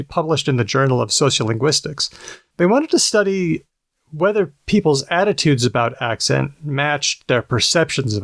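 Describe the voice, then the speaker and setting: A man's voice: medium pitch, gravelly, fairly bright tone, no echo, clean studio sound. A man co-hosting a casual podcast chat, explaining research and teasing his co-hosts. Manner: explanatory, teasing, quick to laugh. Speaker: podcast co-host presenting research.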